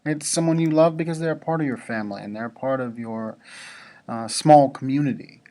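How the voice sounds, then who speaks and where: A man giving a devotional talk to students, relaxed and conversational, with casual asides to the listeners. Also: medium pitch, a little fast.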